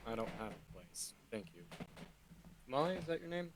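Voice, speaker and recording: A man's voice: mid-range voice, very animated, normal speed, noisy background. A male player speaking in character at a tabletop game. He is terse and understated and gives short, dry replies.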